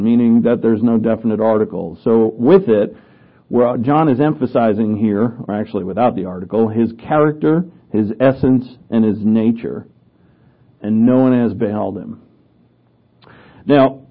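A man's voice: medium pitch, breathy edge. A man preaching a conversational Bible lesson, with offhand asides and frequent restarts as he explains scripture. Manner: conversational teaching, with asides and self-corrections. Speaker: pastor teaching a Bible study. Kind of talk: sermon. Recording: tinny phone-like sound.

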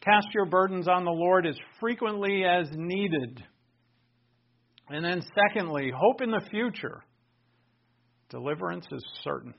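Gravelly, animated male preacher. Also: sits high, unhurried, pauses often, dull audio. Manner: animated, conversational preaching with sarcastic asides. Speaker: pastor. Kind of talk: sermon.

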